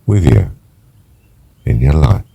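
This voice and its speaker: An older man teaching a guided breathing meditation, counting breaths gently and softly, sometimes near a whisper. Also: very deep voice, sing-song, slow pace, poor audio. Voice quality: gravelly, husky voice. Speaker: spiritual teacher.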